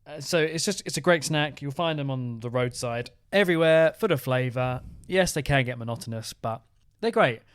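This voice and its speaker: Upbeat man with a smooth voice. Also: medium pitch, no room sound, studio quality. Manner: upbeat, jokey, quick list-style rundowns. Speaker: travel vlog co-host. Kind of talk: casual chat.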